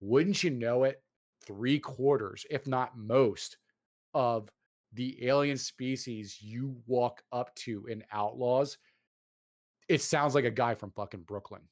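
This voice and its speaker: A man's voice: medium pitch, takes it slowly. Ranting man in casual gaming chat. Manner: animated ranting, swearing, lots of fillers.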